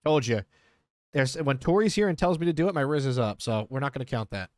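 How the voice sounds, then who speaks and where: A male streamer chatting casually and excitedly while playing a game, often swearing when surprised. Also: medium pitch, fast talker, no echo, clean studio sound. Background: game music.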